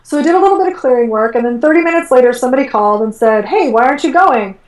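A woman's voice: sits high, rapid-fire. A woman guest in a casual interview, telling stories with lots of fillers and acting out her own quotes. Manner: animated storytelling, acts out her own quotes, many fillers like "like" and "um". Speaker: guest, energy work coach. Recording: echoey room, voice far from mic.

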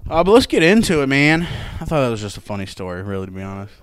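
This young man has a mid-range, sing-song voice and talks fast, with no echo in the recording. He hosts a laid-back sports podcast, spinning loose stories packed with curses and laughter.

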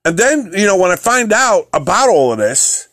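A high-pitched male podcaster with big pitch swings and a moderate pace rants profanely and heatedly about politics, often repeating himself and restarting. The studio-quality recording is dry and a bit bright.

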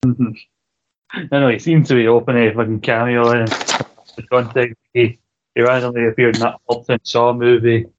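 A man co-hosts a podcast in loose, rambling chat, laughing often and swearing casually. His delivery stays flat and even in pitch. The sound is a touch dull and lo-fi. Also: moderate pace, a little hiss or hum. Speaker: podcast co-host. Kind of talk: casual chat about a TV show.

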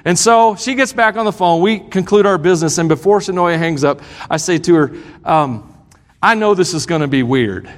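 A man's voice: sits high, normal speed. A male pastor preaching a sermon, telling a story in a self-deprecating way with frequent chuckles, in a church sanctuary. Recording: reverberant church hall.

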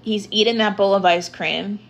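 On her solo podcast, a young host talks casually and rambles, her speech full of ums, likes, and other filler words. Her voice sits at a medium pitch, with a steady tone and moderate pace.

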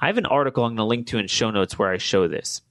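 A man hosting his own political podcast, talking alone to his listeners, growing emphatic and climbing higher when he gets indignant, and acting out both sides of past conversations. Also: fast talker, a bit bright. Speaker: podcast host. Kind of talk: political commentary monologue.

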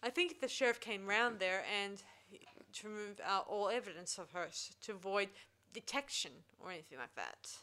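Bright, clear Australian woman chatting. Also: mid-range voice, lively intonation, normal speed, few pauses. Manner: rambling, searches for words, many restarts. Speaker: podcast co-host. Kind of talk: casual chat retelling a film.

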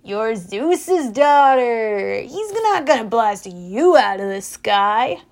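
A woman voicing a laid-back young male sun god who drawls calm, breezy advice. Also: on the high side, slow pace, gravelly, full character voice.

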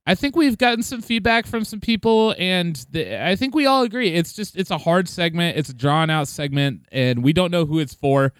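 A chatty man co-hosting a podcast, his voice a bit higher than most and very clear. He laughs often and slides into playful put-on accents. The sound is dry and close. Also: lively intonation, normal speed, hardly any pauses, a bit bright, dry recording. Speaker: podcast co-host. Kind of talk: casual chat.

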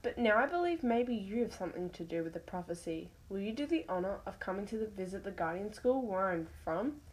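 A woman reading the lines of a wise female wolf who mentors a young cat in a storybook tale, measured and instructive. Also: medium pitch, expressive, a little mellow, close to an everyday voice, poor audio. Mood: stern.

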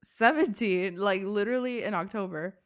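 A woman's voice: mid-range voice, moderate pace. A young woman co-hosting a casual podcast, telling stories animatedly and swearing a lot. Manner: animated storytelling, swears a lot, acts out quotes. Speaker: podcast co-host. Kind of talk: casual chat. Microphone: desk mic.

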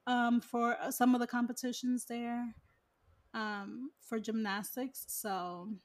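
A woman's voice: on the high side, level tone, slow pace. A woman chatting casually, rambling with lots of "like" and "you know". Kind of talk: casual chat.

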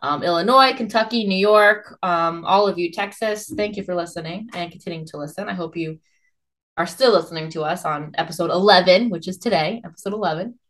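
A woman's voice: lowish voice, brisk, fairly bright tone. Chatty laughing woman podcast host. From New England. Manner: chatty, laughs often, self-mocking. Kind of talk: casual chat.

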